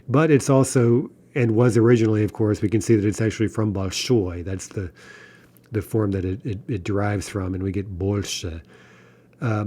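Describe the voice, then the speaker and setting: A man teaching a recorded grammar lesson, explaining step by step, checking in with "right?" and reading example words slowly. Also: on the low side, warm tone. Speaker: language teacher.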